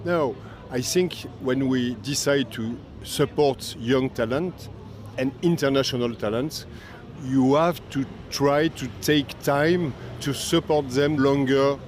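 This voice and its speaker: An older man who speaks English as a second language with a French accent. As a festival director being interviewed, he pauses often to search for words. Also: mid-range voice, fairly even intonation, a little hiss or hum.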